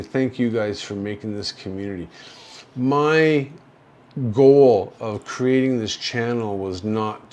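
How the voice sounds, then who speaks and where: Slow, rambling older man on a livestream. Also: fairly low pitch, slight background noise. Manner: halting and rambling, with many fillers and soft chuckles. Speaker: livestream host reading viewer chat. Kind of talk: casual livestream chat.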